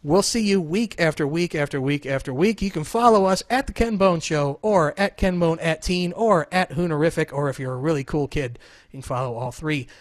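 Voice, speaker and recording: This podcast host, a man in his thirties, keeps his video-call show loose with rambling jokes, often at his own expense. He talks fairly quickly in a slightly high voice, with no room sound.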